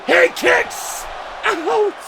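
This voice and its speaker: A young man calling a wrestling show play-by-play, frantic, shouting and disbelieving, over a loud crowd. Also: extremely high pitch, lively intonation, extremely slow, vocal fry. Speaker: wrestling commentator. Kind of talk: excited play-by-play commentary. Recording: loud crowd and noisy venue. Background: cheering crowd.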